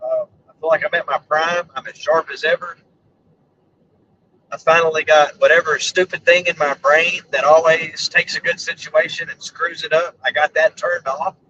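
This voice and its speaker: A man's voice: a little high, fairly even intonation, normal speed, recorded from a distance, highs cut off, background noise. A middle-aged man, chatting loosely on a live stream from a vehicle, his voice worn and giving out. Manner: joking, goofy, self-mocking. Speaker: storm chaser streaming live. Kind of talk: casual rambling live-stream chat. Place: inside a vehicle.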